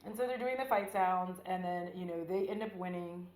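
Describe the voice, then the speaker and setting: A woman's voice: fairly low pitch, brisk. Profane, rambling woman vlogger, echoey room. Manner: rambling, profane, animated retelling. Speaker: beauty vlogger. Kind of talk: casual get-ready-with-me chat. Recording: roomy echo.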